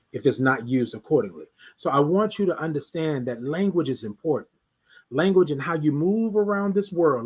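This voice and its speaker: High, lively husky-voiced man preaching. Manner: preachy, repeats rhetorical questions. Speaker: host of a live talk stream. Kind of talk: motivational live-stream talk. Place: at home.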